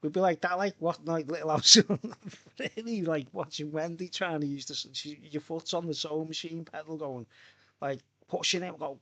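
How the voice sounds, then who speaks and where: A man talks off the cuff on a live stream, wandering from thought to thought and chuckling as he goes. His voice sits a little high for a man. The sound is dry, with no room echo. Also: normal speed, sharp tone. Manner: rambling, chuckling between thoughts. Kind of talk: casual live-stream chat.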